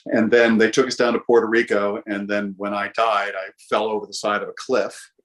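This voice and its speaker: A middle-aged American man, a guest actor, telling lively anecdotes in a casual interview with frequent fillers. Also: fairly low pitch, fairly quick. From United States.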